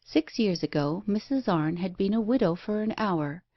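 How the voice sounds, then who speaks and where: A woman narrating a Victorian ghost story audiobook in a measured, even reading. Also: medium pitch, dry recording, highs cut off. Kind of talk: scripted narration.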